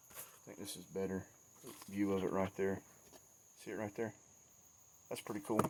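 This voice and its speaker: Sweaty and slightly shaky from yard work, a middle-aged Southern vlogger talks in a folksy, chatty, self-deprecating way beside a wooded trail. His voice is on the low side with a darkish tone, and insects and crickets sound behind him.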